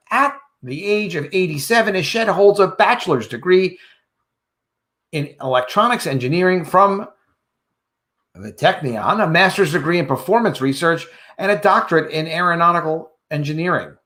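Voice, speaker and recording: A man's voice: a little high, fairly bright tone. A man giving casual news commentary on his channel, making joking, sarcastic asides as he reads out an article. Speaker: YouTube commentator.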